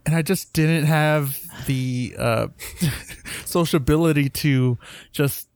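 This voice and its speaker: A man with a slightly raised pitch chats on a podcast, laughing easily at his own awkward moments. The sound is dry and close to the mic. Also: slow pace, a little mellow, dry recording. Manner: self-deprecating, laughs easily. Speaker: podcast co-host. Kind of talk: casual chat.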